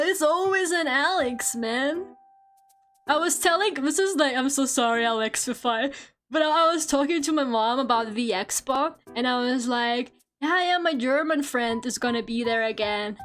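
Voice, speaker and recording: High-voiced woman streamer, laughing and rambling. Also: a bit bright. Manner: rambling, swears often, laughs a lot. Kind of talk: casual chat while drawing on stream.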